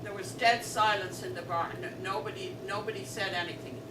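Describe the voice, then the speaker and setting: Recorded at a distance in a spacious veterans home hall, this Irish comedian tells jokes live and chats with the crowd between bits. Her mid-range voice keeps a steady tone at a brisk pace, with background noise throughout.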